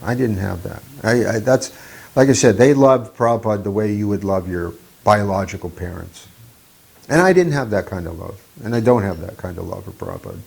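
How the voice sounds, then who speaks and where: An older man sharing memories as a devotee, reflective and halting, often restarting his phrases. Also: lowish voice, animated, darkish tone. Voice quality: gravelly, husky. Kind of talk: reminiscing talk.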